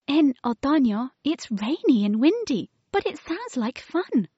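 A woman's voice: big pitch swings, measured pace, dark tone, no echo. A woman voicing a young, curious girl tortoise who tires easily, in a storybook read-aloud. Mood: eager. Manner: high, eager, wondering. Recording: dull lo-fi dry recording.

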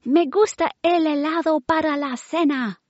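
A woman voicing a big, clumsy young female whale who speaks in a high, weepy voice. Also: animated, unhurried, darkish tone, no room sound, dull audio. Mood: eager.

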